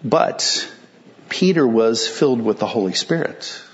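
A man's voice: medium pitch, lively intonation, a little slow, highs cut off. A male pastor preaching a sermon in a conversational, explanatory way, asking rhetorical questions and answering them.

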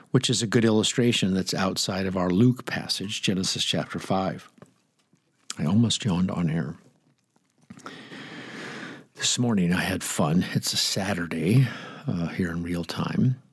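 A man's voice: sits low, husky, no room sound. An older man, a pastor teaching the Bible on air in a chatty, rambling way with jokey asides, speaking into a studio microphone.

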